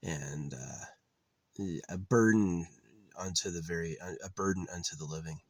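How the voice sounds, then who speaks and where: A man with a very low voice rambles through a loose, swearing monologue, circling back on himself with lots of "like" and "uh". The sound is dry and close, with no room around it. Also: a little slow, dry recording. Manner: meandering, profane, frequent fillers and restarts. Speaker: vlogger.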